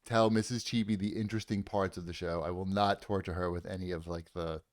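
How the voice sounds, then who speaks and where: A man co-hosting a casual podcast chat, joking around and often trailing off quietly. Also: sits low, fairly even intonation, quick pace, dry recording, clean studio sound. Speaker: podcast co-host.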